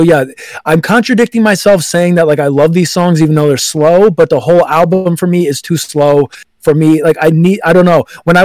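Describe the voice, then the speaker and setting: A man's voice: on the high side, a little mellow, no echo. Rambling podcast host man, dry sound. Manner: rambling, filler-heavy, laughs often. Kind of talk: casual chat.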